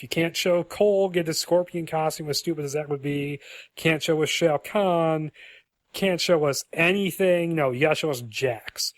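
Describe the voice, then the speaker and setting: A man's voice: on the high side, no echo. A man co-hosting a podcast, casually and animatedly retelling a movie script and acting out its lines. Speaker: podcast co-host.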